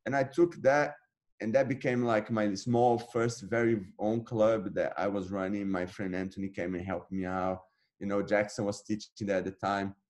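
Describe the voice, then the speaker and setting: A man in his thirties, a guest on an interview, telling his story casually and acting out past conversations with lively energy. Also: fairly low pitch, moderate pace. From Brazil. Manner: animated, acts out his own past dialogue. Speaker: interview guest, jiu-jitsu black belt.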